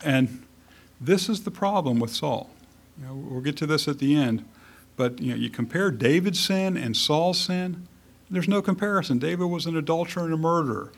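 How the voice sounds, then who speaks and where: A man's voice: fairly high pitch, expressive, a little fast, vocal fry. A male preacher teaching in an easygoing sermon style. He talks casually with light humor and often restarts his sentences as he thinks aloud. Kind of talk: conversational sermon.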